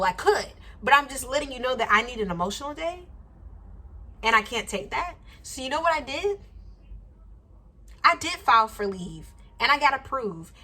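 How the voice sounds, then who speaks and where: A young woman in her twenties chatting to camera, telling a personal story with lively quoted voices. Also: high-pitched. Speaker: YouTuber. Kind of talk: casual storytime vlog. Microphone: camera mic, sitting to camera.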